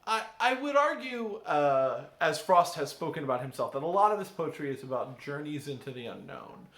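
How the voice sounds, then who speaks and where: A man's voice: on the high side, very animated, moderate pace, a bit bright. A male English teacher reading a poem aloud and explaining it to his class in a conversational way, often checking in with "right?". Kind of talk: recorded class lesson on a poem. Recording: roomy echo.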